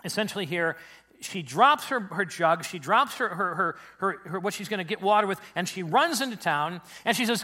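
A male preacher with a high, bright voice delivers a sermon in an easy, conversational way. He leans hard on key phrases and repeats them for stress. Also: expressive, normal speed.

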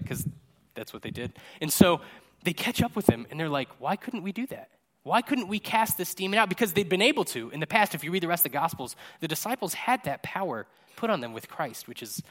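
Chatty joking male pastor, slightly high. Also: fairly bright tone. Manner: chatty and jokey, tags lines with "right?". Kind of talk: casual conversational sermon. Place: church service. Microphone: microphone.

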